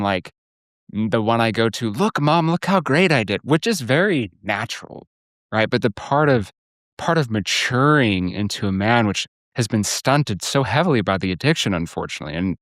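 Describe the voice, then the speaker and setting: Earnest low-voiced male podcast host. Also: fairly bright tone, no echo, studio quality. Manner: earnest, often adds "right?" to check in. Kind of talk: casual conversational interview.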